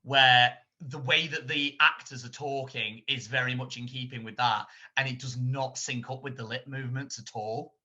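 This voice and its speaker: A man co-hosting a casual film podcast, rambling and animated as he retells scenes, often laughing. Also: medium pitch, normal speed, hardly any pauses. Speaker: podcast co-host. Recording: dull lo-fi sound.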